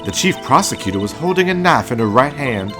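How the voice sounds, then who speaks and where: A man putting on a brash, smug woman ex-detective, her voice rising and falling with taunts over clear game music. She talks down to the whole courtroom. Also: mid-range voice, sing-song, fairly quick, voice pushed up, close to an everyday voice. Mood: taunting. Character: brash cocky woman ex-detective, lunch seller.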